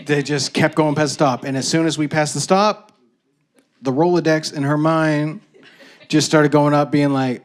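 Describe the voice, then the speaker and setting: A male stand-up comedian on stage with a higher-than-usual voice. He tells his stories in an animated way, jumping into voices and shouted lines. It's a live comedy set performed to a room. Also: measured pace, long pauses. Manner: animated storytelling with shouted bits and voiced characters. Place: comedy stage before a laughing audience.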